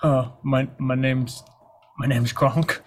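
A man's voice: mid-range voice, little pitch movement, takes it slowly, pitched below the performer's own voice. A man doing Gronk, a jittery cowardly mercenary. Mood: nervous. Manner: stammering and nervous. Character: cowardly male mercenary, nervous and pleading.

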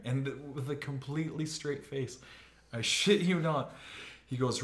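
A man from Canada hosting a casual talk, telling stories with animated energy, swearing and laughing along the way. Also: medium pitch, measured pace, echoey room, a little hiss or hum. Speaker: podcast host. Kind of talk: casual conversation.

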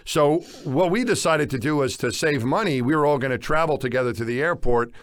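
A man, a former astronaut, telling an anecdote in casual chat and acting out quoted lines with excitement. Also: a little fast, no echo, clean studio sound. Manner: animated, acts out quoted dialogue with rising pitch. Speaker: former astronaut, podcast co-host.

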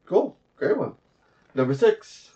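A man's voice: high-pitched, big pitch swings, slow pace, warm tone. A man co-hosting a podcast, chatting casually about games and often chiming in with short agreements. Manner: agreeable, frequent short affirmations. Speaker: podcast co-host. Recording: dull lo-fi audio.

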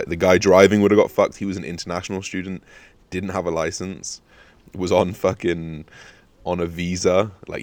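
A man's voice: low voice, no room sound. A young man in his twenties hosting a podcast, telling a casual story full of swearing and acted-out quotes. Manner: swears freely, animated anecdote with acted-out quotes. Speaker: podcast host.

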